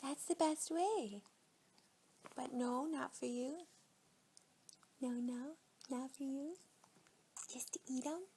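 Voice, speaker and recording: A woman in her thirties talking to her baby in slow, sing-song baby talk, half-whispered at times, at home during a diaper change. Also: high voice, dark tone, a little hiss or hum.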